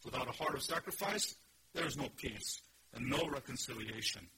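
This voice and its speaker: A man preaches an earnest teaching sermon, leaning hard on key words and posing rhetorical questions. His voice is bright and pointed at an ordinary pitch, with a faint hiss of noise underneath. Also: lively intonation, moderate pace, poor audio. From Korea. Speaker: pastor. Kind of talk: expository sermon.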